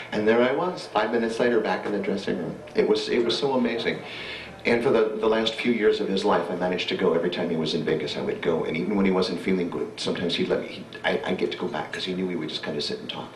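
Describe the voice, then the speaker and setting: Older guy telling old stories on stage, lowish voice, picked up from a distance in an echoey theater. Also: quick pace. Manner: nostalgic, reminiscing. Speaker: stage performer. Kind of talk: storytelling to a live audience. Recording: roomy hall, distant mic, faint noise.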